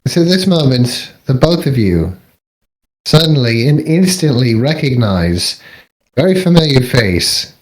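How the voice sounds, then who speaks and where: A man narrating as game master of a tabletop game, halting and searching for words. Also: mid-range voice, sing-song, rough recording. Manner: halting, full of ums and restarts.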